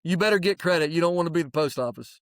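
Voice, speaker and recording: Man, high voice, animated, preachy, plain-spoken, dry sound. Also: fast talker, dry recording. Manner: animated, preachy advice-giving; plain-spoken, mild swearing. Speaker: podcast co-host. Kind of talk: casual chat.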